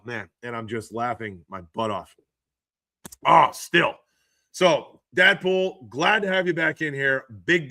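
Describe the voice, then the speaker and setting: A hoarse man hosting a casual live stream about football news, excitable and laughing often as he reads the chat aloud. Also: fairly high pitch, no echo, clean studio sound. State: hoarse from screaming.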